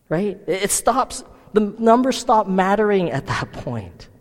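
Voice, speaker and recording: A man preaches a sermon in a high, bright voice that swings up and down. He keeps asking the listeners rhetorical questions. His voice rings out with a long echo in a hall. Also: moderate pace. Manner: lively, asks the listeners many rhetorical questions. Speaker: pastor.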